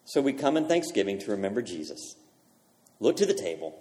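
A man preaching a sermon as pastor, swinging from loud, emphatic declarations to hushed phrase endings. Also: lowish voice, sing-song, fairly quick, big-room sound. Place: church sanctuary.

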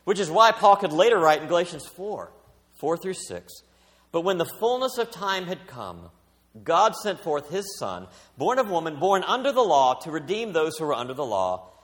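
A middle-aged man preaches a sermon with a slightly high, lively voice that rises and falls dramatically. He swings between loud emphasis and quiet asides. The sound rings with the long reverb of a church hall. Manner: expressive preaching with big swings in pitch and volume. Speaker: pastor.

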